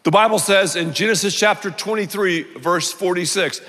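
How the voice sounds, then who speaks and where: A male pastor delivering a sermon in a big church auditorium, his bright, high voice carrying a long reverb from the room. He tells stories animatedly and acts out his own inner thoughts. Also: normal speed. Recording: long reverb of a large hall.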